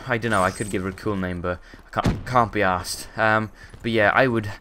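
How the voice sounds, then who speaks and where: A man's voice: on the low side, fairly even intonation, brisk, noisy background. A man with a sore throat and hiccups, giving rambling, sweary casual gameplay commentary full of ums.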